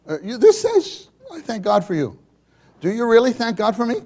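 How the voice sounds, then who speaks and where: A man voicing an excited older mother who is overjoyed and insistent, speaking high and breathless in eager pleading. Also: moderate pace, exaggerated voice.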